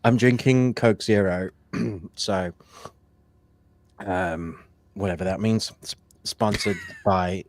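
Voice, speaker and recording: A man's voice: lowish voice, fairly even intonation, slow, long pauses. A man co-hosting a live movie stream from home, talking casually in a rambling way, full of fillers and restarts. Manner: rambling, filler-heavy, self-correcting. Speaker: co-host of a live movie show.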